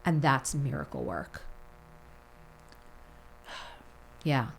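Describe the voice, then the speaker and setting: A woman hosting a heartfelt podcast interview, guiding her guest through slow, soothing reflections. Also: extremely low pitch, sing-song, vocal fry, a little hiss or hum, low-quality recording. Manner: slow, soothing guided reflection with long lists. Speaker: podcast host.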